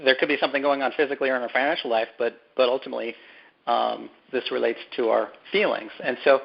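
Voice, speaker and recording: A man with a gravelly edge, mid pitch, talking things through slowly as an interview guest. He restarts phrases and repeats words while he thinks. The sound is dull and lo-fi. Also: steady tone. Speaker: author and guest. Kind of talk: conversational interview.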